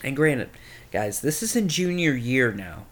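A man's voice: mid-range voice, big pitch swings, a little slow, fairly bright tone. A young man candidly telling a personal story, rambling and swearing, as a podcast host. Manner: candid, rambling, with crude language.

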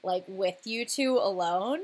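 Young woman host, casual and chatty, quick to laugh. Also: medium pitch. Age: young adult. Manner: chatty, laughs often, says "like" a lot. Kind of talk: casual chat.

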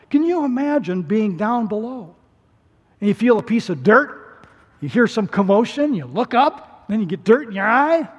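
A male pastor delivering a sermon in an animated way, his voice rising to emphatic peaks. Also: high voice, a little slow, pauses often. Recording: long hall reverb.

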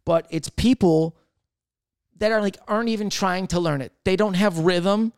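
A man hosting a solo podcast, rambling and thinking out loud in casual chat, swearing freely. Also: sits high, moderate pace, clear, resonant tone, no room sound, clean studio sound. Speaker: podcast host.

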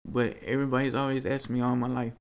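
A man's voice: mid-range voice, level tone, fast, vocal fry. A man being interviewed, telling personal stories in an earnest, rambling way that turns to pleading.

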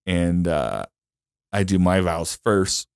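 A man's voice: low voice, lively intonation, slow pace, vocal fry, clear, resonant tone, no room sound, clean studio sound. A young man as a podcast guest, telling a personal story in casual chat, rambling and emotional with many fillers and restarts.

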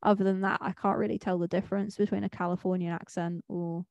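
A Manchester woman co-hosts a podcast, rambling in casual chat full of fillers and restarts. Her medium-pitched voice is quick, creaky, a little mellow and fairly flat, and the recording is dry and muffled.

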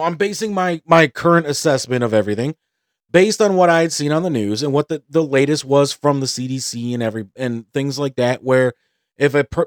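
A man's voice: on the high side, dry recording, studio quality. Fired-up man telling a story. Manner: profane, heated, acts out both sides of conversations. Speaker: podcast host. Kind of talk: casual storytelling monologue.

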